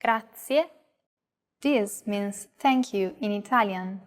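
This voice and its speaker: A woman co-hosting a language lesson, modeling words with slow, careful enunciation. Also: medium pitch. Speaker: co-host, native pronunciation model.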